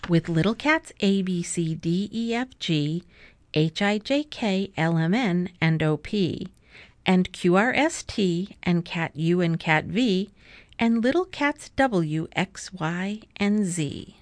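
Slow, measured woman reading a storybook. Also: on the low side, lively intonation, no echo. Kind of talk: storybook read-aloud.

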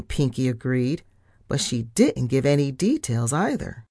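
A woman reading a children's story in an unhurried, lively way, her low voice moving a lot. The sound is dry and close. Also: no room sound. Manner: animated reading, first-person narration.

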